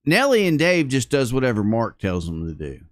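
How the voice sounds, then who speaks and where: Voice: mid-range voice, huge pitch swings, normal speed, no room sound, studio quality. A laid-back co-host in a casual commentary chat who mostly agrees and adds side remarks.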